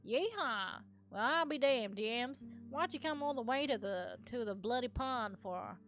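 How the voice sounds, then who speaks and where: A woman's voice: a little high, expressive, a little slow, fairly bright tone. A woman putting on a playful Southern US accent to voice a folksy male character in a game. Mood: hammy. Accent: put-on Southern US. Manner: hammy and playful. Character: folksy male stranger with a drawl.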